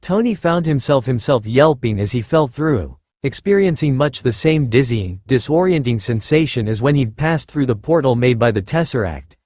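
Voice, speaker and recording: A man narrating a fan fiction story in a steady reading voice. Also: medium pitch, no room sound, clean studio sound.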